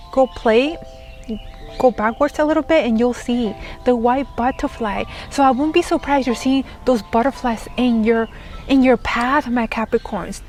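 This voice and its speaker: Woman, tarot reader, gushing, giggly, fairly high-pitched, faint background music. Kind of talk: spiritual tarot reading.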